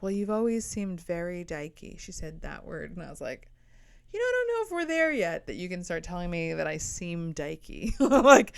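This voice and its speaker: A woman's voice: on the low side, gravelly, clear, resonant tone. A woman in her forties, a comedian hosting her own podcast, telling a rambling, candid, self-mocking story and laughing often. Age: 40s. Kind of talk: casual storytelling monologue.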